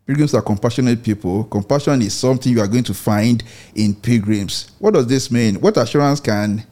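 Male study-group leader, mid pitch, reflective, halting delivery. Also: warm tone. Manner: reflective, many fillers and restarts. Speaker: book club leader. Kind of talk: online Bible study discussion.

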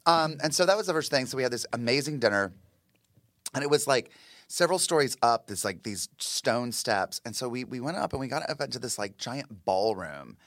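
A man spins a rambling, animated tale as a podcast guest, his speech packed with "like" and quick restarts. His voice sits at a middling pitch. The recording is dry, with little room sound. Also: no echo. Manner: animated, chatty, lots of "like" and restarts. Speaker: podcast guest, comedian and actor. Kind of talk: casual storytelling chat.

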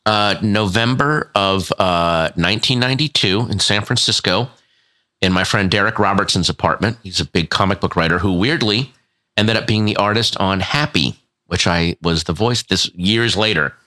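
Co-host, fifties, low-ish bright voice, lively anecdotes with stumbling restarts. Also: male voice, normal speed. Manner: animated storyteller, stumbling restarts. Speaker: podcast co-host. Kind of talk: casual chat.

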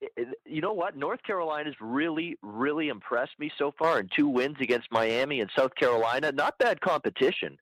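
A man giving measured, analytical sports betting picks in casual discussion. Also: a little high, expressive, fairly bright tone, no room sound, rough recording.

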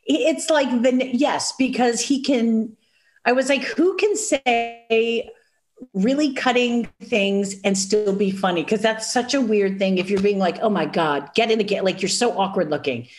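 A woman with a nasal Chicago accent, chatting as a guest and telling animated stories full of acted-out quotes. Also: fairly high pitch, unhurried. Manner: animated storyteller, acts out quotes, many fillers. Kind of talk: casual chat.

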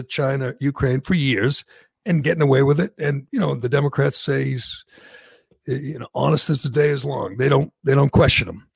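A man's voice: medium pitch, gravelly, darkish tone, slightly rough, no room sound. A man hosting a podcast, animatedly giving his opinions as he recaps a debate. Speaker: podcast host. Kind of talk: casual political chat.

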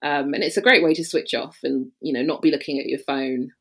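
Low-voiced chatty London woman. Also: a little fast, fairly bright tone, breathy edge. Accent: London English. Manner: chatty, laughs often, many fillers. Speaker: podcast guest. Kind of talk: casual interview chat.

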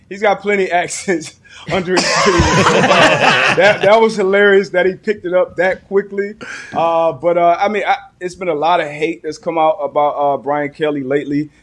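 A man in his thirties with a fairly high voice, speaking as a former player turned guest analyst. His takes are blunt and candid, full of street slang. He talks in a relaxed, conversational way. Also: a little hiss or hum. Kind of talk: casual sports talk chat.

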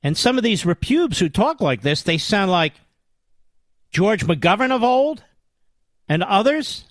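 Fiery high-voiced male radio host. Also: sing-song, a little slow, no room sound. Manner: combative, indignant, emphatic repetition. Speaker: radio talk show host. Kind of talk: political talk radio monologue.

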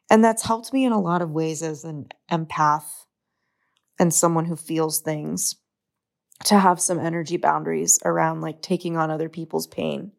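Young adult woman hosting a reflective solo podcast; low-ish, creaky voice, sincere, open delivery. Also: fairly even intonation, normal speed, darkish tone. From United States. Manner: earnest, open, confiding. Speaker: podcast host.

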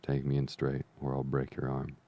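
A man's voice: rumbling low, monotone, warm tone. Man doing a cruel blind old beggar. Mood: menacing. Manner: slow sing-song whine turning cold and sneering. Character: cruel blind old male beggar, wheedling then menacing.

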